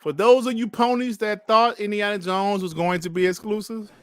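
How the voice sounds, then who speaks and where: A man's voice: high voice, fairly even intonation, moderate pace, clean tone, no echo, studio quality. A man hosting a casual live stream, laughing often and trash-talking with plenty of swearing. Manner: laughing, profane trash talk.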